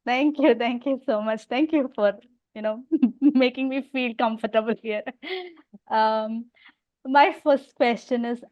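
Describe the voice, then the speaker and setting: Female host, slightly high voice, stammers; dry, dull recording. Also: unhurried, no room sound. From India. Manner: stammers, laughs often, polite. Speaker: podcast host. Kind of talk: casual interview conversation.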